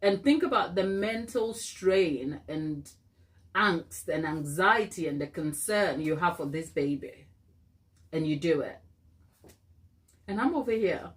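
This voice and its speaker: A woman's voice: lowish voice, animated, takes it slowly, long pauses. A chatty woman hosts a casual baking live stream, talking through her ideas as she works. She reads out viewer comments and laughs often. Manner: thinks aloud while working. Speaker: cake baker hosting a live stream.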